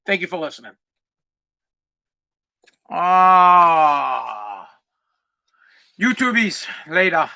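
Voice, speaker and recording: A man's voice: high voice, normal speed, pushed and bright. A man in his forties hosting a solo podcast, talking in an emphatic, profane, fired-up way. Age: 40s. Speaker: podcast host.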